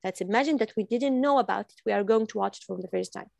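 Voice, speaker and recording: Woman, from Iran, English teacher, high voice, gravelly edge, dry close sound. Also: fast talker, darkish tone, no room sound. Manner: encouraging, repeats phrases for learners. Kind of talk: online class teaching. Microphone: computer mic on video call.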